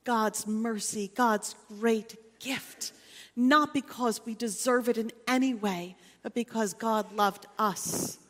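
Slow-preaching woman pastor, high voice. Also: in a large hall. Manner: slow, emphatic preaching with dramatic swells and quiet drops. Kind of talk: sermon. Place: church sanctuary.

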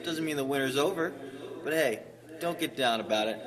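A man's voice: mid-range voice, brisk, crowd noise, close to an everyday voice. A man playing a cheery, folksy male host who gives upbeat winter advice in a church skit monologue, with a chatty pep-talk delivery. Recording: distant voice, long hall reverb, audience.

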